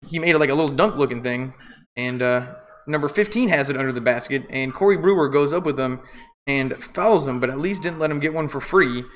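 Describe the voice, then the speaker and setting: A man's voice: on the high side, fairly quick, slight background noise. A man doing casual live play-by-play commentary, rambling and opinionated with jokey asides.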